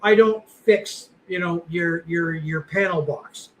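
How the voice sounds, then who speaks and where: A man with a fairly high voice talks casually as a podcast co-host. He rambles, stacks up fillers and restarts, and swears bluntly. A faint hum sits behind him. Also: takes it slowly, rough recording.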